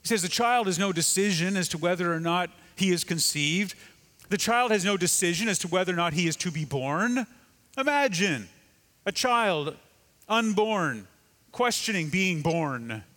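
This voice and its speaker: Pastor guy preaching, emphatic, drops real quiet sometimes, slightly high voice, long echo. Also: animated, moderate pace. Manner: emphatic, dramatic drops to a hush. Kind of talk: sermon.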